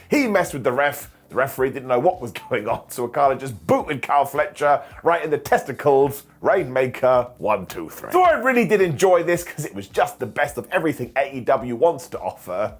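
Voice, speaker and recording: A man reviewing a wrestling show in a jokey, excitable monologue, dropping into quiet asides. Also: mid-range voice, brisk.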